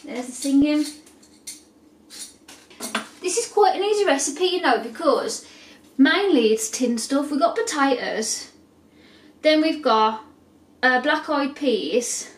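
A woman chatting casually and mocking herself as she cooks in her home kitchen, recorded on a camera set back across the room. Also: sits high. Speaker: home cooking vlogger. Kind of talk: casual cooking vlog chat. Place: home kitchen with boiling pots. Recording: echoey kitchen from a distance.

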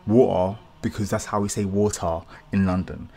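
A channel host runs a live manga reaction, excitable and rambling, swearing casually. He's feeling a bit sick and clears his throat, speaking in a low-pitched voice at a fairly quick pace.

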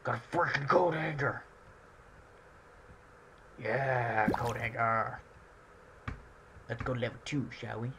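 A man giving jokey, excitable commentary while playing a video game. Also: medium pitch, takes it slowly, long pauses. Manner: excitable, jokey, frequent outbursts. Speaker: gameplay commentator. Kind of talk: let's play commentary. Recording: loud background noise.

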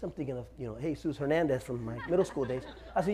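A man's voice: a little high, lively intonation, racing, few pauses, warm tone, husky. A man in his forties preaching a sermon in a church, telling stories with humor and calling out "Amen?" to his congregation. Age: 40s. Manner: storytelling with humor, calls out "Amen?" to the room. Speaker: pastor. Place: church sanctuary.

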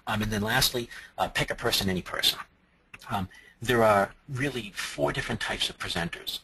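A man from Massachusetts giving a conference talk as a presentation trainer, animated and strongly inflected. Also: mid-range voice, moderate pace, gravelly, slightly rough, low-quality recording.

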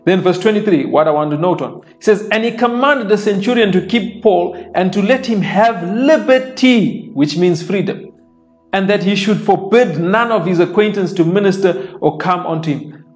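Preacher, male, slightly high voice, plain explanatory sermon delivery, quiet worship music bed. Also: normal speed. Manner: reads scripture aloud and explains it plainly; repeats phrases for emphasis. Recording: soft worship music underneath.

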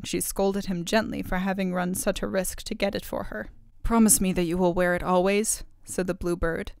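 Smooth-voiced woman reading a fairy tale. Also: mid-range voice, no room sound, clean studio sound. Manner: measured, expressive. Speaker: storyteller.

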